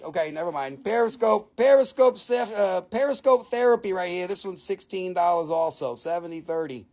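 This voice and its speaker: A man hosts a casual live crystal sale, cracking jokes, swearing freely and haggling over prices. His voice sits high for a man, with a gravelly, creaky edge. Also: darkish tone. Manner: joking, profane, haggling. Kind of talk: casual live sales stream.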